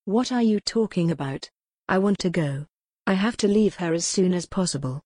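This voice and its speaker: A frightened young woman in an audiobook, read by a woman, urgent and demanding. The voice sits a little low and is recorded close in a dry room. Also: animated, moderate pace, mellow, dry recording. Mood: anxious.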